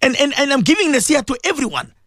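A man's voice: very high voice, very animated, rapid-fire, fairly bright tone, no room sound. A man hosting a morning religious radio show, preaching with passion and repeating his phrases in a sing-song way.

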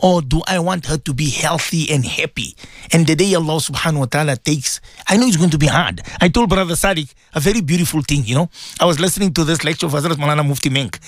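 A man's voice: on the high side, quick pace, dry recording. A man hosting a call-in radio show as a Muslim cleric, speaking in a heartfelt, repetitive way as he reads out listener messages. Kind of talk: emotional call-in radio talk.

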